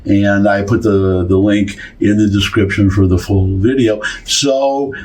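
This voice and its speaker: A man casually explaining a word's pronunciation to his viewers, talking in a halting way with many restarts and fillers. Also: lowish voice, steady tone, darkish tone. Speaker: YouTube commentator. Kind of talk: casual rambling explanation to camera.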